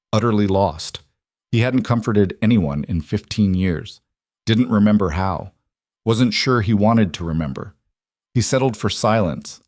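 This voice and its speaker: A man with a low voice narrates a dramatic western tale, measured and brooding. The sound is dry and close, with no room echo. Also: darkish tone.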